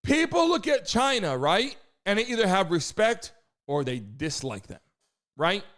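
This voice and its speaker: A man hosting a live stream, hyping the chat, shouting out viewers and talking loosely with some swearing. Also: sits high, sing-song, a little slow. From United States.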